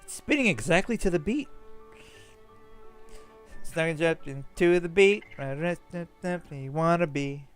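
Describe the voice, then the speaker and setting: A man's voice: a little high, animated, slow pace, pauses often, smooth. A young man casually streaming a game, chatting and reading story lines aloud in a playful manner. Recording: faint music under the voice.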